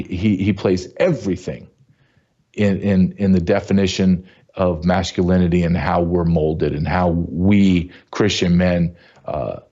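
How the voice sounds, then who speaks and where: A man hosts an online talk show in a deep, low voice and moves from monologue into an ad read. He talks emphatically and often doubles back over his words. The recording sounds a bit dull and muffled. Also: warm tone.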